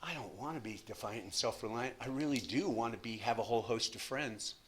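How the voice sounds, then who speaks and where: A man in his sixties speaking at a recovery meeting from a podium, telling his story in an animated, self-deprecating way with lots of repetition. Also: mid-range voice, a little fast, background noise. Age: 60s. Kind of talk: personal recovery story talk.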